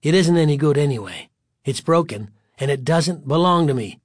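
A man's voice: a little high, expressive, moderate pace, no room sound, studio quality. A man voicing a worried young boy who pleads anxiously, in a storybook reading. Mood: pleading. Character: worried boy hero, pleading but stubborn.

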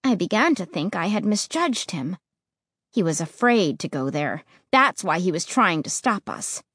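A woman narrates a chapter book in the first person. She reads slowly and expressively, letting her pitch swing widely. The sound is dry and close, with no room around it. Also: sing-song, fairly bright tone, breathy edge, no room sound. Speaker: audiobook narrator.

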